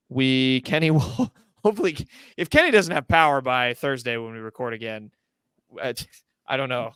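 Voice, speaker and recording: A young man trading casual, joking banter as a podcast co-host. His voice sits at an ordinary middle pitch, and the sound is dry and close to the mic, with no room echo. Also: expressive, brisk, a bit bright, smooth. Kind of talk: casual sports chat.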